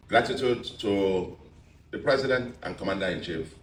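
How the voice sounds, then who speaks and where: A man with a Nigerian accent, a re-elected governor giving an emphatic, deliberate victory speech and repeating phrases for effect. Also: low-pitched, fairly bright tone. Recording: roomy echo, distant mic, faint background noise.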